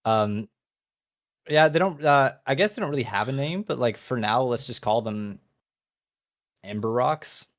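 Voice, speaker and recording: A man narrating as game master of a tabletop role-playing game, pausing often with ums and restarts. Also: mid-range voice, expressive. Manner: hesitant, lots of ums.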